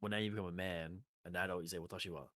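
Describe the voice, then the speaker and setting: A man's voice: deep voice, fairly even intonation, rapid-fire, a bit bright, dry recording, clean studio sound. A man, co-hosting a casual podcast and joking around, slipping into silly voices. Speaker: podcast co-host. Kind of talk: casual chat.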